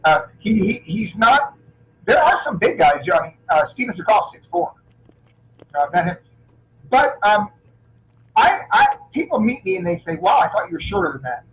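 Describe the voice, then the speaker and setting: Animated high-voiced middle-aged man. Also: moderate pace, poor audio. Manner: animated anecdotes, frequent restarts. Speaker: action film actor, guest. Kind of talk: casual interview storytelling.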